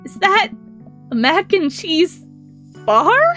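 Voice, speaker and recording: Woman doing a squealing excited teen girl. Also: very high-pitched, takes it slowly, faint music behind, pitched above the performer's own voice, exaggerated voice. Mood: amazed. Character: excitable teenage girl fresh from high school.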